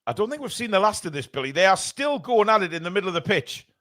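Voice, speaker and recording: A man commentating live on a match for fans, excitable, shouting when play heats up and swearing in jokey banter. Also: high-pitched, fast talker. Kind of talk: fan watchalong commentary.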